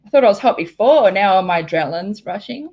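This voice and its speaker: An Australian woman hosting a live stream, chatting casually and excitedly with viewers, rambling and swearing freely. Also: mid-range voice, fairly quick, husky, highs cut off. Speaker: livestream host. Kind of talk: casual live chat reading viewer comments.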